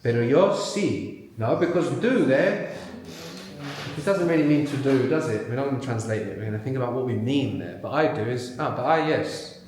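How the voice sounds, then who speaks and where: A man's voice: mid-range voice, moderate pace, a little mellow, a little hiss or hum. Man teaching in a very echoey hall. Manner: patient, questioning, prompts learners step by step. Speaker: language teacher. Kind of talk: live language workshop teaching. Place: large live venue with audience.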